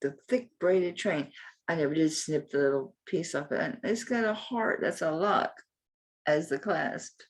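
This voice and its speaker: A woman's voice: low voice, unhurried. An older woman selling jewelry on a live stream, rambling and talking to herself as she looks items up, with some mild cursing. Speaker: jewelry seller. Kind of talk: live sale, chatty self-talk while looking up items.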